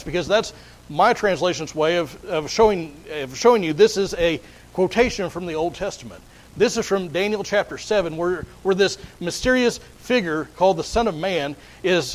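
A man's voice: high voice, low-quality recording. A man preaching a sermon, explaining a Bible passage earnestly and often repeating words as he restarts. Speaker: pastor.

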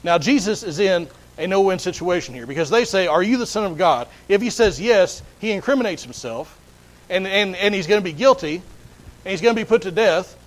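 A man's voice: high-pitched, lively intonation, a little fast, poor audio. A man preaching a sermon, explaining a Bible passage earnestly and often repeating words as he restarts. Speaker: pastor.

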